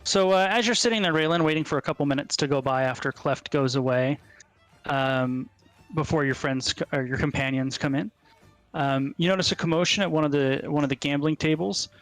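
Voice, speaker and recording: A man's voice: fairly high pitch, brisk, fairly bright tone, no room sound, soft background music. Casual man running a tabletop game. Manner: casual, many ums and uhs. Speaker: game master.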